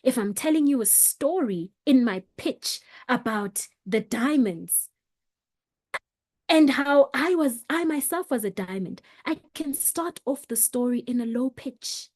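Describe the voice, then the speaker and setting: A woman teaching how to pitch, speaking emphatically and varying her pace and pitch for effect. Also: expressive, measured pace, darkish tone. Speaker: presentation coach. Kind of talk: motivational lesson on pitching.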